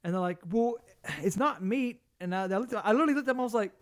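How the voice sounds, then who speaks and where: A man's voice: high voice, racing, smooth. A man co-hosting a podcast, telling stories in a rambling, casual way, acting out what other people said, with many fillers and restarts. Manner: rambling storyteller, acts out quoted people, lots of fillers and restarts. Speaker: podcast co-host. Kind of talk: casual chat.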